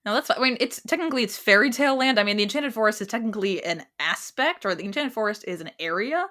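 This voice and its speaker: A woman's voice: mid-range voice, lively intonation, fast, pushed and bright. A woman co-hosting a casual TV recap podcast, explaining show lore in a chatty way with plenty of fillers. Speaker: podcast co-host.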